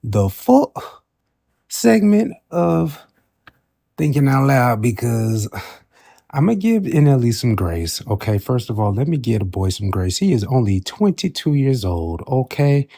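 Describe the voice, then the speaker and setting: A man in his forties with a slightly husky voice delivers a sassy, animated commentary vlog. He keeps calling the listener baby and keeps asking okay?. His voice sits at a middling pitch, recorded dry and close. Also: a little slow, no room sound. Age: 40s. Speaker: commentary vlogger.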